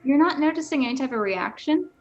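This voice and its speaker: A woman's voice: sits high, lively intonation, fast, muffled recording. A woman running a tabletop game as dungeon master, narrating scenes with frequent fillers and self-corrections.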